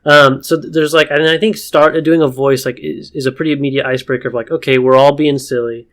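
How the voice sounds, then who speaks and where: A man's voice: a little high, steady tone, quick pace, fairly bright tone. Rambling male podcast co-host. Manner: rambling, many fillers and restarts. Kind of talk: casual chat about tabletop games.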